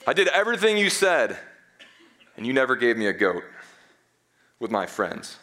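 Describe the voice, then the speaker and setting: A man's voice: sing-song, normal speed, pushed and bright. A man voicing a whiny, resentful young older brother in a retold parable. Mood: whining. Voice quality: whiny, high-pitched.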